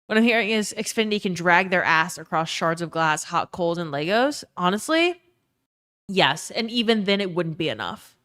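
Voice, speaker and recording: A woman's voice: on the low side, lively intonation, normal speed, a bit bright. A young woman streamer in casual chat, ranting with plenty of swearing and reading chat messages aloud. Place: her own emptied bedroom.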